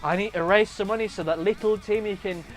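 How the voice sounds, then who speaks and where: A man's voice: high-pitched, quick pace, faint music behind, natural voice. A man voicing a chirpy, naive male charity runner who talks in a wholesome, sugary gee-whiz way.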